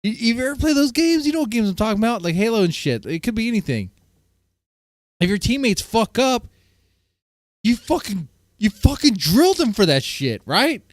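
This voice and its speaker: A male livestream host chatting with viewers in a loud, profane, heated way. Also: sits high, very animated, moderate pace, dry recording, studio quality. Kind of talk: casual livestream chat with viewers.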